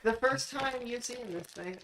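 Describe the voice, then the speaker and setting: A woman running a tabletop game as game master, narrating scenes slowly and joking with the players. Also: a little high, gravelly, background noise. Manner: drawn-out descriptive narration, slows down for effect. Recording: echoey room.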